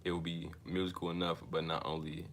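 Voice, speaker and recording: Deep-voiced man reading a book aloud. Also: level tone, a little hiss or hum. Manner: reads haltingly, stumbling and restarting words. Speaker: book reader and commentator. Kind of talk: reading a self-help book aloud with casual asides.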